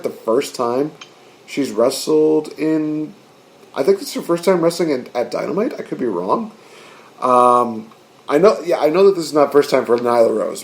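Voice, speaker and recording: A man hosting a podcast, chatting excitedly, laughing and rambling as he recaps. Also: mid-range voice. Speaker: podcast host. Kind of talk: casual chat.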